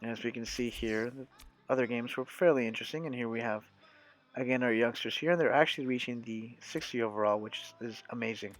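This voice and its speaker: A man's voice: mid-range voice, fairly quick, soft background music. Chatty young man commentating a video game. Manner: chatty and upbeat, talks straight to viewers. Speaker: gaming channel host. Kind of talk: casual let's-play commentary.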